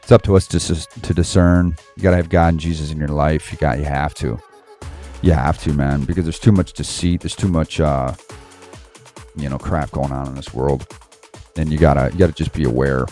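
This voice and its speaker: A man's voice: extremely low pitch, fairly even intonation, moderate pace, warm tone, soft background music. A man hosting an online Bible study, ranting heatedly and rambling in slang, laughing to himself between points. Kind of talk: casual ranting commentary.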